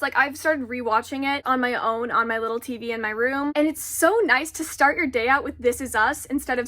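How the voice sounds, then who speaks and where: A woman's voice: sits high, pushed and bright. A teenage girl talking candidly to a phone camera in a confessional vlog, reflective and full of "like". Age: teens. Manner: candid, reflective, filler-heavy with "like". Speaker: vlogger.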